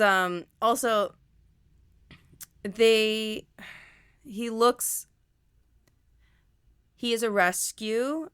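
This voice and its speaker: A woman's voice: on the low side, fairly bright tone, smooth, dry recording, studio quality. A young woman co-hosting a casual podcast chat, rambling with lots of fillers and restarts. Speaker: podcast co-host.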